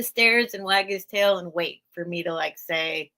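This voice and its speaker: Casting note: American woman, livestream sale host, bright forceful tone, chatty and rambling. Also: on the low side, measured pace, hardly any pauses. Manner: rambling, chatty, laughs often. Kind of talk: casual livestream chat.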